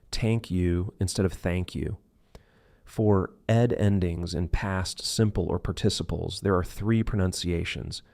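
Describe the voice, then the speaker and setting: A man teaching English pronunciation in a scripted lesson, slowly modeling example words one by one. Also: sits low, vocal fry, a little mellow, no room sound, studio quality.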